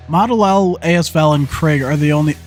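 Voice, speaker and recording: A young man streaming a zombie shooter, commentating as he plays, often frustrated and swearing, going from mumbled asides to loud outbursts. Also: on the high side. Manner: frustrated, swearing, talking to the game; flips between mumbled asides and yelled outbursts. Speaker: gaming streamer. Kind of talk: live gameplay commentary.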